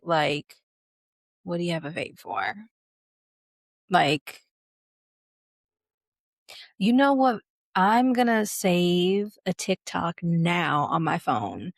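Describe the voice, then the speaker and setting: A woman's voice: medium pitch, dry recording, studio quality. A young woman co-hosting a podcast, chatting casually, laughing often and restarting her sentences. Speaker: podcast co-host. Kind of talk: casual chat.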